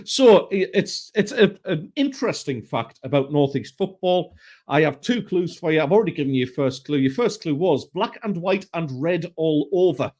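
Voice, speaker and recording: Man host, slightly higher voice, teasing, casual. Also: expressive, normal speed, a little mellow. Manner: joking, teasing. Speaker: podcast host running a quiz. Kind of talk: casual podcast chat.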